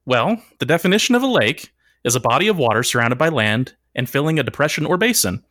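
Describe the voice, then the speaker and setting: A man's voice: medium pitch, sing-song, fast, fairly bright tone, no room sound, clean studio sound. A man hosting a comedy podcast, reading out facts playfully and laughing often. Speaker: podcast host. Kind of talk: casual comedic chat, presenting facts.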